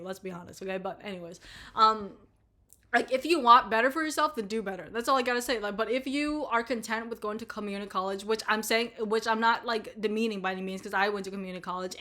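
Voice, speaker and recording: A woman's voice: medium pitch, sharp tone. A young adult woman talking casually to camera, rambling and bluntly profane, full of "like" and "you know.". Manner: frequent "like" and "you know" fillers. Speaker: vlogger.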